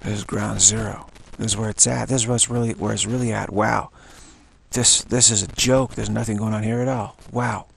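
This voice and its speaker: A man leading a spoken meditation practice, repeating the same word again and again between short phrases in an unhurried, musing way. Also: lowish voice, fairly even intonation, creaky, a little hiss or hum. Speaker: meditation teacher.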